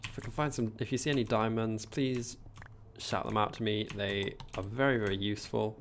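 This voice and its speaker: A man's voice: on the low side, steady tone, brisk, a little hiss or hum. A man with a posh English accent, chatting casually on a gameplay livestream, rambling and reading out chat as he builds. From England.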